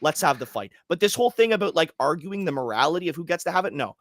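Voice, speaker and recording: A man from Canada co-hosting a livestream podcast, ranting forcefully and swearing freely. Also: a little high, very animated, quick pace. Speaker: podcast co-host. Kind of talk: heated livestream podcast talk.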